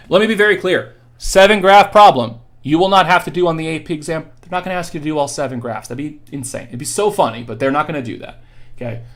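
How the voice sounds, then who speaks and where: After hours on air, a young economics teacher sounds worn out as he leads a relaxed exam review on a livestream. His medium-pitched voice is quick and chatty, and he addresses viewers by name while answering their questions.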